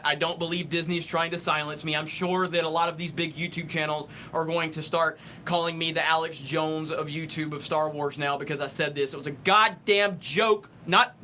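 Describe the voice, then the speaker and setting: A man's voice: a little high, sharp tone, slight background noise. A young man hosting a live stream, answering super chats in a heated, profane rant and stumbling over restarts while he thinks.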